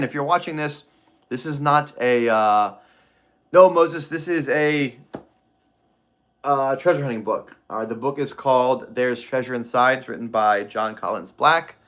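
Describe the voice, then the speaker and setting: A man's voice: mid-range voice, moderate pace, a bit bright. A man hosting a live stream, thinking aloud over clues in a treasure-hunt book, reading short passages and replying to chat with many restarts.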